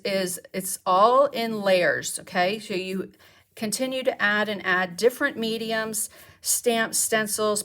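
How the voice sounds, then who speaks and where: A woman's voice: mid-range voice, a bit bright. A woman, chatting casually as she demonstrates mixed media art techniques and answers viewers' questions. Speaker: craft instructor. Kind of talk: casual live craft demonstration.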